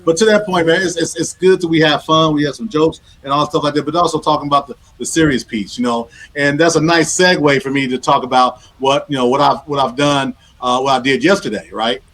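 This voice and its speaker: Fast-talking earnest male co-host. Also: fairly high pitch, steady tone, a bit bright, poor audio. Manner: earnest, repeats words when starting a thought. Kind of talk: casual talk show chat.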